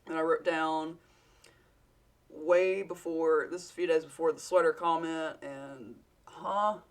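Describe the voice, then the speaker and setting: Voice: medium pitch, steady tone, a little slow. Rambling vlogger with a Southern US accent. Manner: rambling and candid, casual swearing. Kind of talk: casual storytime vlog.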